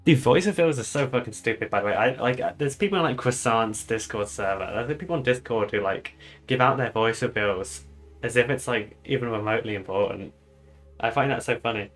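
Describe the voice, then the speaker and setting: A man's voice: medium pitch, fairly quick, a bit bright. A young British man chatting casually on a live stream, loose and swearing often with laughing asides. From United Kingdom.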